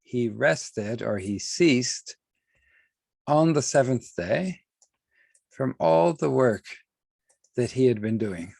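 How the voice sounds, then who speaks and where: A man leads an online class over a video call, speaking at an unhurried, measured pace. He often repeats and restarts words and leans slowly on key terms. His voice is mid-pitched and the sound is dry, with almost no room echo. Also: animated, vocal fry, darkish tone, husky. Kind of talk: online lecture with screen sharing.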